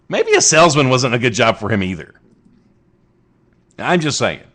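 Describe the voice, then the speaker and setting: A man from the States hosts his own show and riffs on strange news with a sarcastic, rambling delivery. His pitch swings widely as he jokes through each story. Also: big pitch swings, measured pace, fairly bright tone. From United States. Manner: sarcastic, rambling asides with restarts. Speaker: podcast host. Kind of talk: casual comedic news commentary.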